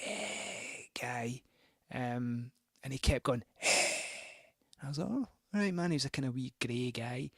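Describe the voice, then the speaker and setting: A man's voice: mid-range voice, fairly bright tone, no room sound, clean studio sound. A man hosting a record show, telling a rambling, sweary, self-mocking anecdote between records. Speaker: radio host spinning records.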